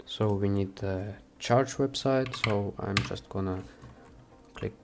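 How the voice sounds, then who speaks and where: A man hosting a software how-to, talking the viewer through each step with frequent hesitations. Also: on the low side, noisy background. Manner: unhurried, with frequent "uh" fillers. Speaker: software tutorial host. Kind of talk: screen-recorded how-to walkthrough.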